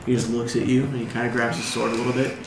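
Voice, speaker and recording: A man narrating as game master for a tabletop game, talking in a casual and relaxed way. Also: medium pitch, racing. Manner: relaxed, casual, laughing easily. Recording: roomy echo with faint noise.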